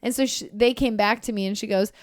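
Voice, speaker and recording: A woman co-hosting a podcast, chatting casually in a bubbly, animated way and laughing easily. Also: medium pitch, fast talker, no room sound, clean studio sound. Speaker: podcast co-host and counselor. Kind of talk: casual chat.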